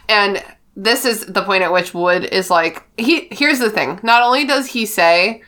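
A woman's voice: mid-range voice, a little slow. A woman co-hosting a podcast in casual chat, laughing often and telling stories with lots of energy. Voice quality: laughs often, animated storytelling. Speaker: podcast co-host.

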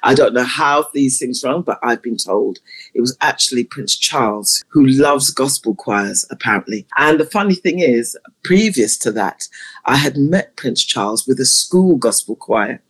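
A woman's voice: rumbling low, expressive, normal speed, husky. A woman choir conductor, a guest in an interview, telling stories with animation and frequent laughter. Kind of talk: interview storytelling.

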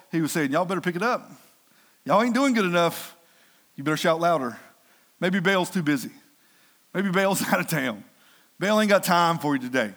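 A preacher, giving a lively, playful sermon, reading scripture aloud and putting questions to the congregation. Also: male voice, on the high side.

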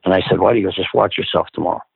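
A man's voice: low-pitched, racing, gravelly, husky, no echo. A middle-aged man and former hockey player, casually telling stories as a guest, swearing freely and acting out the people he quotes. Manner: animated, profane, acts out quoted people. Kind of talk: casual storytelling. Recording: phone-like dry line.

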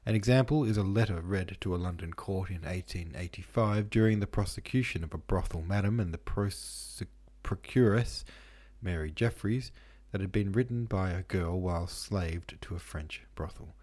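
A man's voice: deep voice, normal speed, darkish tone. A man hosting a book podcast, reading listener notes and chatting through them in a musing way, with plenty of ums and asides. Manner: reads listener comments and reference passages aloud. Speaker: podcast host. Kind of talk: casual book-club podcast discussion.

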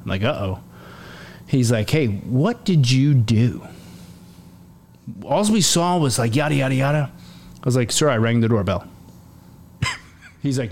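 A man in his forties, a sergeant major, spins a field story in a relaxed interview. His pitch is middling and he voices the other people in the story. A faint hiss sits under the recording. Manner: animated, acts out quotes, many fillers and restarts. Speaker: army command sergeant major, podcast guest.

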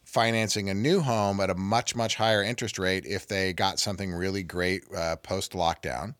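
A man's voice: low-pitched, fairly even intonation, moderate pace, fairly bright tone, no echo, clean studio sound. A man hosting a podcast in casual chat, telling stories with many restarts. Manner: chatty storyteller with frequent restarts. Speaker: podcast host.

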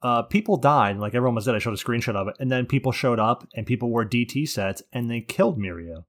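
A man in a casual gaming chat, animated and sarcastic, swearing freely as he rants. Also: medium pitch, fast talker.

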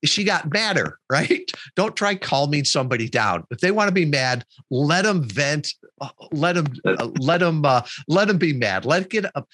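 A man's voice: a little high, no room sound. A middle-aged man, a podcast guest, telling a story in a casual interview and quoting the people in it. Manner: animated storyteller, quotes people in his story.

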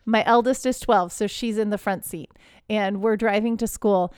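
A woman co-hosting a podcast, chatting casually and telling lively stories, laughing often. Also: mid-range voice, moderate pace, smooth, no room sound, studio quality. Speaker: podcast co-host. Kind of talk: casual chat.

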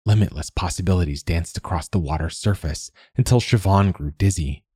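A male audiobook narrator reads a fantasy story with measured pacing. His voice sits low and husky, with a close, dead, booth-dry sound. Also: mellow, no room sound. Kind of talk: scripted narration.

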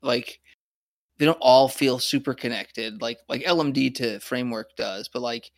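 A man's voice: mid-range voice, normal speed, no echo. A man co-hosting a podcast, chatting casually and enthusiastically, thinking aloud with restarts and "like". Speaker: podcast co-host. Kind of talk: casual chat.

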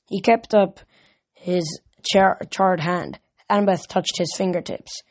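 A woman's voice: on the low side, steady tone, measured pace, a little mellow. A woman reading a novel aloud earnestly, now and then stumbling and correcting a word. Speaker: reader.

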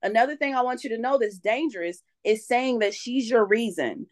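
A young adult woman, a podcast guest telling lively faith stories in casual conversation and acting out what people said. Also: fairly high pitch, a little fast. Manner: animated storyteller, acts out quotes.

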